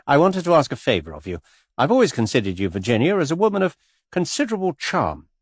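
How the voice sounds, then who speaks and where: A man reading an audiobook, voicing a stuffy, indignant middle-aged English gentleman in a formal, booming way. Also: huge pitch swings, quick pace, breathy edge, dry recording, clean studio sound, heavily acted. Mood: pompous.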